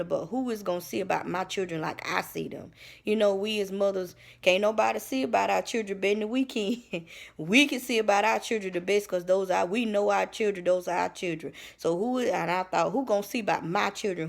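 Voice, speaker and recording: A woman's voice: mid-range voice, creaky. A woman, giving a personal testimony in an earnest, preacherly way that repeats phrases. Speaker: vlogger sharing testimony.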